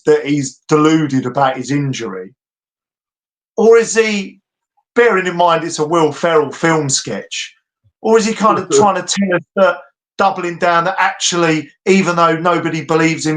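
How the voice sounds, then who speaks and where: A man's voice: a little high, fairly bright tone. A British man ranting animatedly as co-host of a casual boxing podcast, laughing often.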